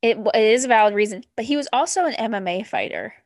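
A woman's voice: on the high side, expressive, dry recording, studio quality. Blunt, cursing woman podcast co-host. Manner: blunt, swearing, quick reactions. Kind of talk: casual chat.

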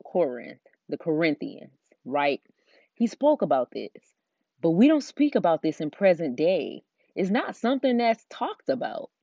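A woman's voice: sits low, mellow, dry recording. Brief: middle-aged woman, Southern drawl, chatty podcast host, dry and slightly dull recording. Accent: Southern American. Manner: chatty, rambling, frequent fillers. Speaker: podcast host and Christian life coach. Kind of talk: casual solo podcast talk.

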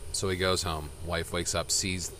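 A lower-pitched man with a bright, forceful tone, co-hosting a loose podcast. He tells a long joke with lots of energy and acts out the characters along the way. A faint hiss of noise sits under his voice. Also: normal speed. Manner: animated storyteller, shifts voices for characters. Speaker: podcast co-host. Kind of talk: casual joke-telling chat.

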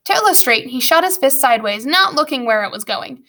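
A woman reading a storybook aloud as narrator, with lively storytelling and wry asides. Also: high voice, brisk. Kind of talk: audiobook narration.

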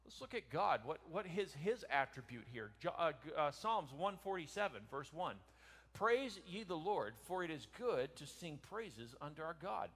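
A man teaching a Bible lesson as a sermon, reading scripture slowly and preaching with big swings from loud to soft. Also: fairly high pitch, expressive. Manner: reads scripture slowly in King James wording.

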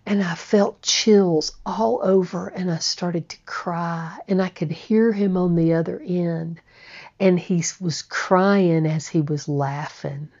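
A woman telling a personal recovery story in a slow, halting way, often repeating words. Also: fairly low pitch, fairly even intonation, darkish tone. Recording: muffled lo-fi recording.

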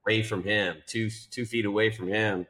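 A man's voice: lowish voice, fairly even intonation, moderate pace, fairly bright tone. A man who trains dogs, co-hosting a podcast in casual chat with short, clipped remarks. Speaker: dog trainer and podcast co-host.

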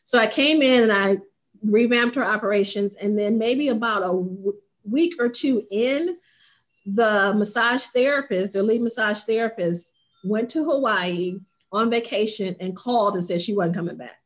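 A woman who owns a spa and coaches businesses, telling her story in an interview and lively when she acts out what others said. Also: mid-range voice, normal speed, dull audio. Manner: animated, acts out quoted voices.

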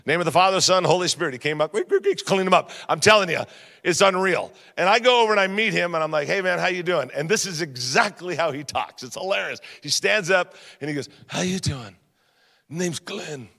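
A high-pitched man with a gravelly, bright edge preaches a sermon full of humorous stories. He talks straight to the congregation with lively back-and-forth. His voice carries the long reverb of a large church auditorium. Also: fairly quick. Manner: animated, jokey, talks straight to the crowd. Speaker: pastor.

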